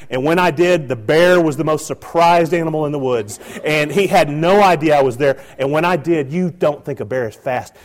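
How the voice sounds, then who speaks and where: A middle-aged man telling a hunting story live to an audience, animated, with frequent halting restarts. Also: a little high. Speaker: storyteller guest.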